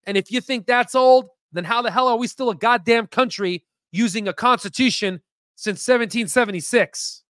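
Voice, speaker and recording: Male investing host with a higher-than-usual pitch, dry sound; emphatic, rambling, self-promoting commentary. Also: moderate pace, a bit bright, no echo. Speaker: stock market video host. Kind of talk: casual screen-share commentary.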